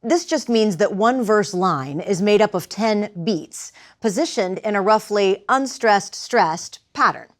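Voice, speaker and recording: Woman, acting teacher, measured lecture with demonstrations, faint background noise. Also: medium pitch, animated.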